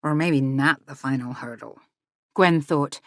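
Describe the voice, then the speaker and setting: A woman reading romance audiobook narration in a measured, smooth manner. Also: a bass voice, no room sound, clean studio sound.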